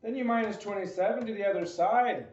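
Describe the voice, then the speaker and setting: Talking fast in a high, light voice with a darkish tone, a man teaches a math homework lesson and keeps quizzing the listener with playful jokes. There is an echo around him, and the recording sounds dull and lo-fi.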